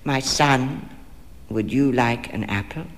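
A man voicing a cruel, scheming stepmother in a fairy-tale reading, low and quiet with false kindness. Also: expressive, normal speed. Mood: falsely sweet. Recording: long hall reverb.

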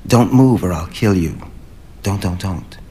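Timid, desperate woman, read by a male narrator; low, hushed delivery. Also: measured pace, a little hiss or hum. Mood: menacing. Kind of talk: audiobook character reading.

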